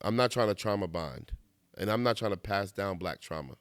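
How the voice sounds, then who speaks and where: A man from the United States giving a casual, animated monologue with slangy asides and laughs at himself. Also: fairly low pitch, fairly quick, clear, resonant tone, no echo, clean studio sound. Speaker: video essayist.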